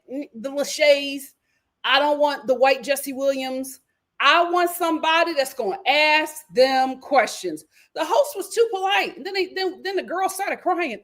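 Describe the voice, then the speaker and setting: A woman giving casual, sassy reality TV commentary on a livestream from home, swinging between loud outbursts and hushed asides. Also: high-pitched. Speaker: YouTube commentator. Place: home room.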